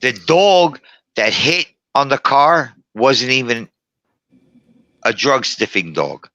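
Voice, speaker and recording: A middle-aged man holds court with boastful, profane stories, his voice bright and forceful and his pitch leaping around. He gets combative when challenged. The sound is dry and close. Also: animated, slow, no echo, dull audio. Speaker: guest storyteller. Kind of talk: rowdy bar-room storytelling.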